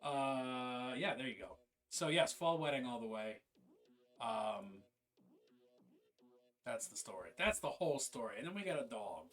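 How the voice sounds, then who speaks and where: A man's voice: medium pitch, expressive, measured pace, long pauses, fairly bright tone. Male hobby streamer, rambling and profane, faint background music. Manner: rambling, self-interrupting, swears freely. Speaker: streamer painting miniatures. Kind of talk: casual live-stream chat.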